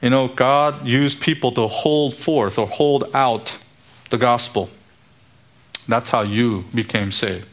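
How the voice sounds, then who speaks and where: A man's voice: mid-range voice, takes it slowly. A male pastor preaching an expository sermon, reading and explaining scripture verses, with light laughs between his points. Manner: expository preaching, rising emphatic when quoting scripture.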